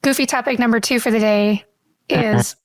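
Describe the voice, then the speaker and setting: A woman with a slightly high voice co-hosts a podcast in relaxed conversation. She asks curious questions and laughs easily. The sound is dry and close to the mic. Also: normal speed, no room sound. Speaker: podcast co-host. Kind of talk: casual chat.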